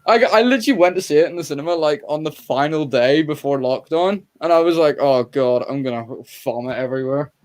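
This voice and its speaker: A man's voice: a little high, quick pace, few pauses. A man hosting a casual movie chat, rambling with stammering restarts and swearing freely.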